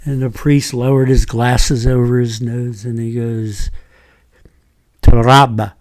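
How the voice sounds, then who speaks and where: An older man, a retired teacher, telling animated stories in a casual chat and acting out the voices of people in them. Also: medium pitch, unhurried, no room sound. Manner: animated anecdotes, acts out quoted voices. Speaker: retired teacher, podcast guest.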